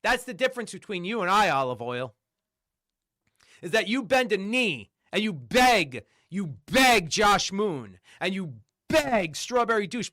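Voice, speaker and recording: A man's voice: high-pitched, very animated, moderate pace, pushed and bright. A man on a livestream delivering an angry, profane rant full of repeated rhetorical questions. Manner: combative, repetitive, profane, hammering rhetorical questions.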